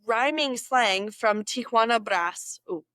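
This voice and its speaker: A woman's voice: a little high, takes it slowly, pushed and bright, dry recording. A woman vlogger chatting casually and playfully, repeating words aloud as she practices an accent.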